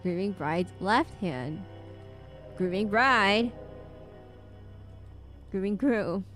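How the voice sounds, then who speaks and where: A woman's voice: mid-range voice, lively intonation, very slow, a bit bright. A woman giving casual let's-play commentary on a horror game, reading game text aloud with wry asides. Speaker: gamer playing a horror game. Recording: faint game music behind.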